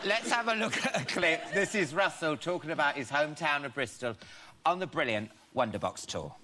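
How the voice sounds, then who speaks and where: A man hosting a chat show, camp and cheeky, teasing his guest with quick jokes. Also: on the high side, animated, background noise. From England.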